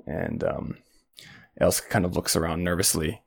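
A man's voice: low-pitched, steady tone, measured pace, gravelly, slightly rough. A man narrating as game master at home, rambling with lots of fillers.

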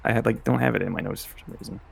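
A man's voice: lowish voice, fairly even intonation, very fast, gravelly, husky. A man describing his moves offhandedly as a player in a tabletop game, with many fillers. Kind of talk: casual tabletop play.

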